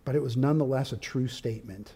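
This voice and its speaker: A man preaching an expository sermon, walking through his outline point by point and rising to forceful, loud peaks of emphasis. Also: medium pitch, fast, slightly rough. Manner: outlined teaching with subpoints. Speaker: pastor.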